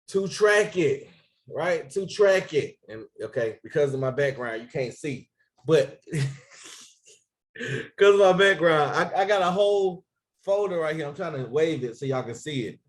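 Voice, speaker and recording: On a live stream, a business coach coaches his team at a moderate pace, his voice pitched a little high for a man. He brings lively energy, prompts viewers again and again to post comments, and gives shout-outs by name.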